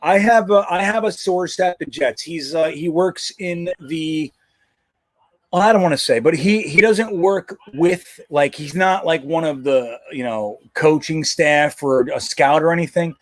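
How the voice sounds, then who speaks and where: A man with a fairly high voice, recorded dry, speaks at an unhurried pace while hosting a casual football live stream. He rambles, jokes around and swears a lot.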